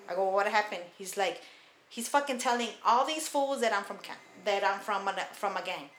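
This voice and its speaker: A woman's voice: on the high side, normal speed. A woman co-hosting a podcast, telling a family story in casual chat, swearing freely and acting out the people she quotes. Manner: profane, animated, acts out quoted people. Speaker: podcast co-host. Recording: echoey room.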